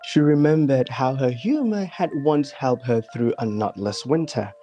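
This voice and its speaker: A woman reading a children's bedtime story aloud in turns, relaxed and quick to laugh, with soft music behind her. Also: rumbling low, muffled recording. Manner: laughs easily, relaxed and playful. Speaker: storybook reader.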